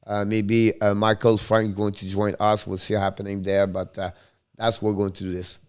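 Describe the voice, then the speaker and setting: A man hosting a casual hockey live stream, thanking viewers by name with many halting fillers. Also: fairly low pitch, flat delivery, darkish tone, clear, resonant tone.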